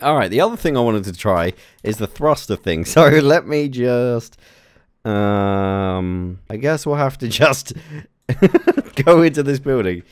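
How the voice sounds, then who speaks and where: A man commentating his own gameplay, excited, giggling often and exclaiming at explosions. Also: mid-range voice, a little slow, dry recording. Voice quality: giggly, frequent laughter and exclamations. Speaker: gaming YouTuber.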